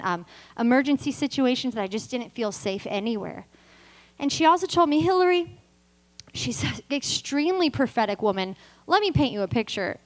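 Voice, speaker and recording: A guest preacher from California, in her thirties, delivers a sermon at a church service built around her personal story, performing the dialogue with lively flair. Her voice sits on the high side, and the audio is poor.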